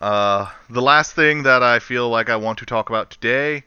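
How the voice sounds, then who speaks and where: A man chatting casually on a podcast, rambling and animated, laughing often. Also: mid-range voice, normal speed, hardly any pauses, clean tone, no room sound, highs cut off. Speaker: podcast co-host. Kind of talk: casual chat.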